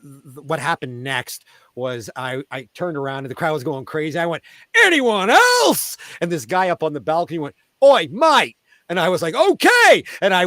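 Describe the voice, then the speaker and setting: A man from Canada tells raucous stories from his years as a street performer, jumping into loud put-on voices for hecklers. His voice sits a touch high, and the recording is close and dry. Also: no room sound. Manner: animated, shouting out the voices of crowd members. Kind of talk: storytelling in a casual interview.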